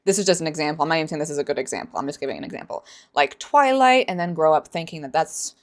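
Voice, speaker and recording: A woman's voice: deep voice, animated, rapid-fire. A woman hosting a casual book reaction vlog, sarcastic and rambling, often laughing at her own jokes. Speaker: book reviewer.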